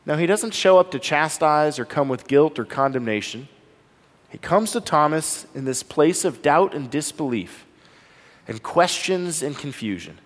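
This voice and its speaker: A man preaching a sermon as pastor, earnest and conversational, often asking his listeners rhetorical questions. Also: on the high side. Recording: long reverb of a large hall.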